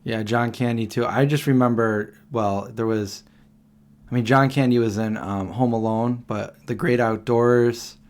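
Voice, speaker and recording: A man's voice: medium pitch, fairly even intonation, darkish tone. Rambling man chatting on a livestream. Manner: rambling, reacting to chat comments with quick questions. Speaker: livestream host answering chat. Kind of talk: casual chat.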